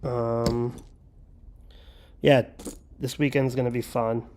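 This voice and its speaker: A man's voice: mid-range voice, little pitch movement, takes it slowly, a little mellow, a little hiss or hum. A man hosting a livestream, chatting casually and joking while he builds. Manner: rambling, joking, talks while handling pieces. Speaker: livestream host.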